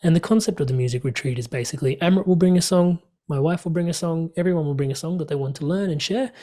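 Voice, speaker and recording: Man, podcast guest, warm mellow tone, animated storytelling, frequent laughter. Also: on the high side, very fast. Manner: animated, laughs often, acts out quoted dialogue. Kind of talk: storytelling in conversation.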